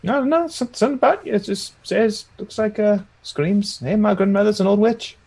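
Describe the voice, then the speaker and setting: A man's voice: high voice, moderate pace, gravelly, darkish tone, voice pushed up. A man voicing a blunt, grandmotherly old woman adventurer in a tabletop game, talking in a folksy, teasing way. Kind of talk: tabletop role-play.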